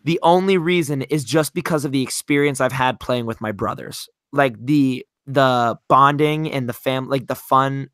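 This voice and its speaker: A man's voice: mid-range voice, moderate pace, few pauses, a bit bright, smooth, no room sound. Earnest, hesitant man, dry sound. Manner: hesitant, many fillers and restarts, earnest. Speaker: podcast co-host. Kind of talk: casual chat about video games.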